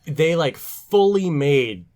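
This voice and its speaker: A man co-hosting a podcast, chatting casually over a trivia game, animated and quick to laugh. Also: a little high. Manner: animated, laughs easily, many fillers. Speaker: podcast co-host.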